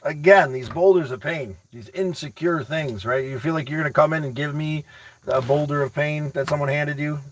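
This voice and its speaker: A man hosting a casual livestream, reading chat aloud and rambling excitably with motivational talk, often repeating his words. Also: a little high, moderate pace, poor audio. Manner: addresses viewers by name, teasing.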